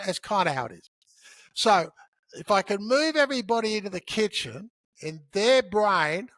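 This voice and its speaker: A man on a podcast as a guest, teaching sales in an animated, conversational way and acting out bits of dialogue. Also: sits high, dry recording. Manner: animated storyteller who acts out dialogue.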